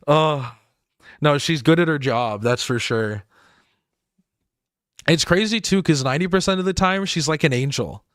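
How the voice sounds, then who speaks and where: A man's voice: fairly high pitch, moderate pace, long pauses, no echo, clean studio sound. A man streaming a game live, rambling and laughing as he talks to his chat.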